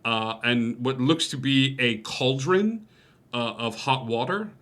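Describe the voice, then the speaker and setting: Man, game master, bright voice, lots of ums, laughing narration. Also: medium pitch, slow pace. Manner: hesitant, many fillers and laughs.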